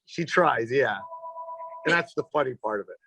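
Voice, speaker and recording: A man's voice: mid-range voice, lively intonation, vocal fry, bright, forceful tone. A man, a comedian guest on a live video interview, answering in a playful way. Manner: playful, quick one-word answers.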